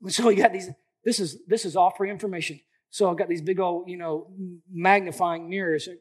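A man in his late forties preaching a sermon, lively and colloquial, often repeating emphatic phrases. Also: high voice, fairly quick, slightly rough. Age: 40s. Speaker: pastor.

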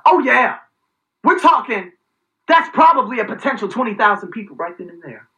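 A man rants to his viewers in a sarcastic, profanity-laced vlog. His voice is bright and cutting and swings widely in pitch. He jumps from loud outbursts to low asides. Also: moderate pace, dull audio. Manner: profane, sarcastic, animated, heated. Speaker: vlogger. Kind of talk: ranting vlog commentary.

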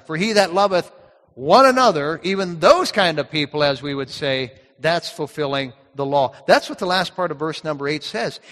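A man with a fairly high voice preaches a sermon, driving his points home by repeating words. His voice rings with the long reverb of a church hall. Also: a bit bright. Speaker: pastor.

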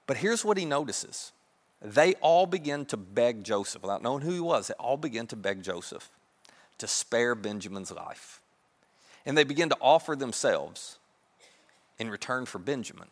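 A man preaching a sermon, telling a story in a lively way and acting out the characters' voices. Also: medium pitch, normal speed. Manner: animated, acts out characters' voices. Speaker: pastor. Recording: long reverb of a large hall.

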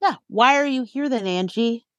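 A woman podcast co-host in casual gossip chat, recapping with animated emphasis. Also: on the high side, normal speed, no room sound.

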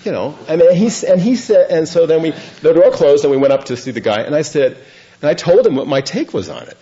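A man's voice: on the high side, expressive, fast, mellow. An older man, a Zen monk, telling a rambling, self-deprecating story to a group and laughing through the funny parts. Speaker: Zen monk giving a dharma talk. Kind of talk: storytelling talk. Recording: dull lo-fi recording.

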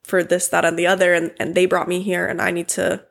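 A young woman hosting a casual interview, talking in a relaxed, reflective way and laughing often. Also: fairly low pitch, a little fast, vocal fry. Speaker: host, former teammate.

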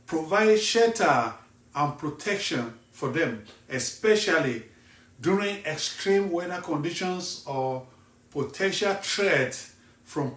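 A male evangelist from Nigeria preaching a sermon slowly and emphatically, asking the listener pointed questions. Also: a little high, a bit bright, far from the mic. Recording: echoey room, voice set back from the mic.

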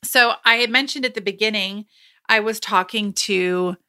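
At normal speed, a woman speaks in a mid-range voice that is bright, forceful, and clean, in clean studio sound free of room noise. A solo podcast host in her thirties, she keeps things casual and emphatic, restarting frequently and slipping in quoted asides.

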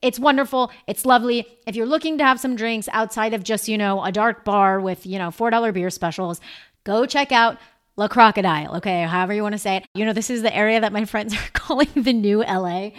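A woman's voice: medium pitch, a little fast, smooth. A woman, hosting a podcast in a chatty, upbeat, playful way. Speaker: podcast host. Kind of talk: casual chat. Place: New York City.

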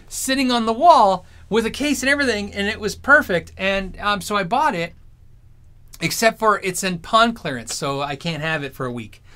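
A man chatting casually on his stream, telling rambling anecdotes in an animated way. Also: high-pitched. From Arizona. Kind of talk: casual storytelling chat.

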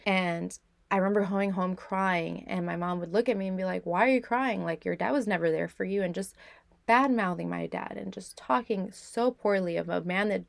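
Low gravelly-voiced woman telling her story. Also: no room sound. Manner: candid, reflective, with frequent "like" fillers. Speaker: podcast host. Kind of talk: personal storytelling.

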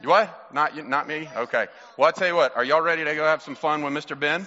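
A man's voice: on the high side, fast, sharp tone. A man pastor, asking children playful questions during a children's sermon in church. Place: church sanctuary. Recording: muffled church recording with long reverb.

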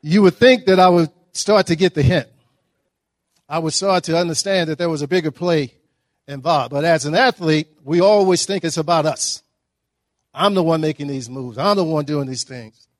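A middle-aged man with a drawl gives a motivational talk and spins humorous stories with animated energy. His voice sits a little high for a man, and the sound is close and dry with no room echo. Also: moderate pace. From Dallas, Texas. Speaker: guest speaker. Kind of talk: motivational storytelling speech. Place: breakfast event hall.

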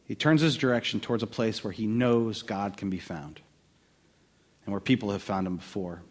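A man preaching a sermon in a conversational, animated way, with quick asides to the listeners. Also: on the low side. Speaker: pastor.

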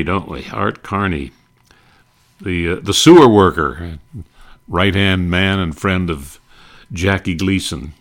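An older man hosting a rambling, nostalgic talk, with frequent pauses and restarts. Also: low voice, fairly bright tone. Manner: rambling, many fillers and restarts. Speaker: host.

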